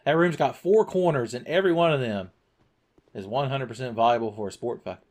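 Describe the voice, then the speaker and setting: A man's voice: mid-range voice, fairly quick, darkish tone. Crude joking man playing a game. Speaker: gaming channel host. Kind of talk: let's play commentary.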